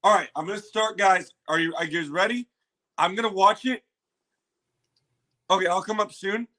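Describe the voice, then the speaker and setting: Excitable man hosting a reaction stream. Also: high voice, normal speed. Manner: excitable, exclaims and swears loudly; apologetic, repeats himself. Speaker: livestream host reacting to a trailer. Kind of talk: casual livestream chat.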